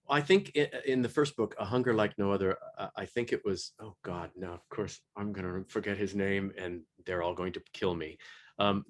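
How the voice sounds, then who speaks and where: A middle-aged man, an audiobook narrator, talking animatedly on a panel, often restarting and repeating his words. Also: on the low side. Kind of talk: panel discussion.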